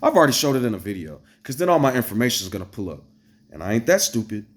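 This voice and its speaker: A man vents to his viewers in a loose, profane rant. His voice sits at an ordinary middle pitch. He jumps from sharp, loud outbursts down to muttered asides. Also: very fast. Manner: blunt and profane, addresses viewers directly; animated, jumps between high exclamations and low asides. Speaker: vlogger. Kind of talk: casual ranting storytelling to camera.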